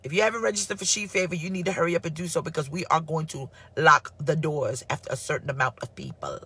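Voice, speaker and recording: A woman pastor giving a casual live-streamed sermon, sassy and animated as she answers her online viewers. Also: sits low, fast, breathy edge. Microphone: phone or computer mic for live stream.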